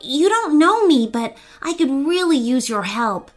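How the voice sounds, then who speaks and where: A woman's voice: sits high, sing-song, unhurried, soft background music, voice pushed up. Woman doing a clever whispering young boy. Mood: whispered pleading. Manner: soft whispering, polite and pleading.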